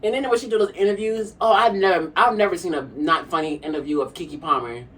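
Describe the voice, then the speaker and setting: A woman's voice: on the low side, fast, fairly bright tone. A young woman vlogger chatting casually while eating, sassy and talkative, often calling the viewer honey. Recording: a bit distant from the mic, faint room hum.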